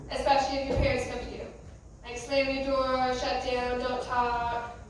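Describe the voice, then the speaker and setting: A woman's voice: high-pitched, completely flat delivery, unhurried, a little hiss or hum. A young American woman, a youth pastor, giving a casual, conversational talk with many fillers. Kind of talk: youth sermon. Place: church youth room. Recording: echoey room, from a distance.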